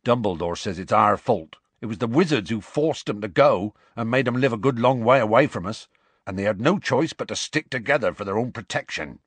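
A man voicing a huge rough-spoken half-giant gamekeeper with a folksy country dialect and dropped letters, telling a story at an unhurried pace. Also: medium pitch, animated, no room sound, voice pushed up.

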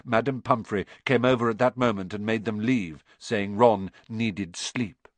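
A man reading a children's storybook aloud in an expressive, measured way. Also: on the low side, dry recording. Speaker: audiobook narrator. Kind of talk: scripted storybook narration.

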